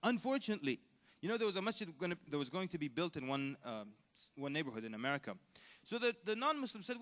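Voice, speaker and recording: A man's voice: high-pitched, very animated, quick pace, fairly bright tone, long reverb tail. A man giving an Islamic lecture at a convention, telling stories in an emphatic way and acting out the people he quotes. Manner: storytelling with quoted voices, emphatic. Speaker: Islamic speaker. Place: convention hall.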